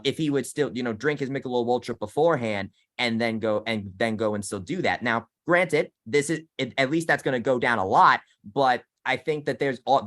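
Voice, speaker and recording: Brief: early-20s male co-host, mid pitch, halting and filler-heavy. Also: fairly bright tone. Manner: hesitant, many restarts and fillers. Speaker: podcast co-host, college student. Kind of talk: casual sports chat.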